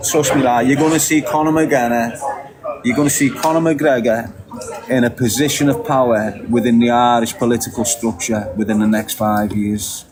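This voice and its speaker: A man's voice: mid-range voice, steady tone, moderate pace, poor audio. Sweary Scouse man ranting over a crowd. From England. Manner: sweary, forceful, repetitive. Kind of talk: heated opinionated rant. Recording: loud crowd behind the voice.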